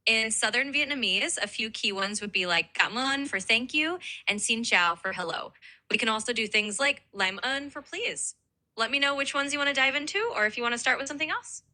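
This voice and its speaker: AI voice assistant, female, very bright tone, cheerful encouraging tutor. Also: a little high, a little fast. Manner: upbeat, encouraging, overly nice. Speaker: AI language tutor voice. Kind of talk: chatbot voice assistant.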